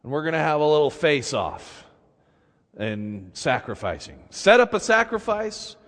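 A preacher voicing the prophet Elijah, bold. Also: male voice, fairly high pitch, sing-song, unhurried, long reverb tail. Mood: confident. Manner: taunting, shouting challenges.

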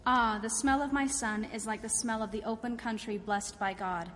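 A woman reading scripture aloud, voicing Isaac, an old blind father, in a solemn, measured way. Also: fairly high pitch, fairly bright tone, slight background noise, natural voice. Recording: reverberant church hall.

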